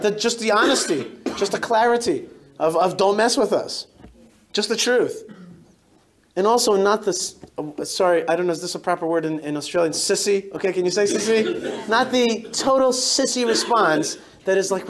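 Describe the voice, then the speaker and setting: A rabbi addresses a synagogue crowd in a fairly high voice. His storytelling is emphatic and lively, with sentences that stop and restart. He speaks to the room as he would at a live talk. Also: moderate pace. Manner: animated, emphatic storytelling with frequent self-interruptions. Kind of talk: speech to a synagogue audience. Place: synagogue hall.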